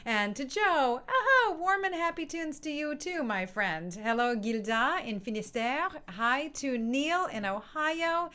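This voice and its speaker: A fairly high-voiced woman hosts a live online music session. She talks casually and greets people one after another, often laughing as she goes. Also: animated, a little slow, hardly any pauses, pushed and bright. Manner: chatty, greets participants one by one with frequent laughs. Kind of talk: casual live-stream welcome. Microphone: computer mic on a video stream.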